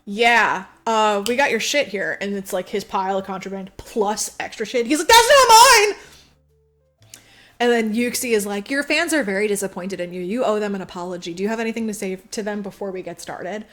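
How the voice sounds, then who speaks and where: Woman, podcast co-host, casual movie recap, lively storytelling, quoted voices. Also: mid-range voice, a little fast, few pauses, soft background music. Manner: animated retelling with quoted voices and laughs.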